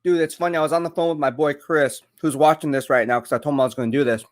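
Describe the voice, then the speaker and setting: A man's voice: on the high side, fairly even intonation, rapid-fire. Chatty young man live-streaming. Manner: chatty, reads viewer comments aloud, rambling. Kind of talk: casual live-stream chat while eating.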